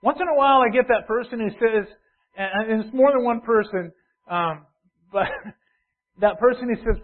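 A man's voice: extremely high pitch, normal speed, long pauses. A male pastor preaching a sermon, repeating key phrases and building in intensity. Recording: tinny phone-like sound.

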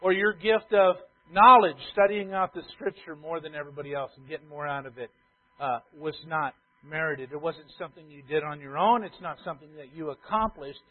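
A pastor preaching a sermon to his congregation, who drops to quiet asides, then builds to loud emphatic repetitions and asks the room questions. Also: a little high, fairly quick. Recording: tinny phone-like sound.

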